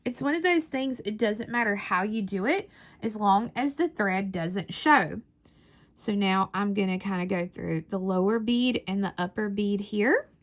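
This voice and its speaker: A woman's voice: mid-range voice, unhurried. A woman giving a patient, methodical step-by-step beading tutorial, counting beads aloud as she works. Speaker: beading instructor.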